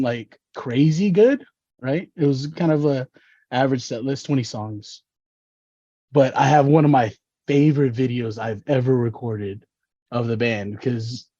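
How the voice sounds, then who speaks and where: A man from Texas with a warm, mellow voice telling laid-back, rambling stories and laughing at his own jokes. The sound is close and dry, on a slightly dull, lo-fi recording. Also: mid-range voice, no echo. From Dallas, Texas. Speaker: guest. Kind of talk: casual storytelling chat. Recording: slightly dull, lo-fi podcast audio.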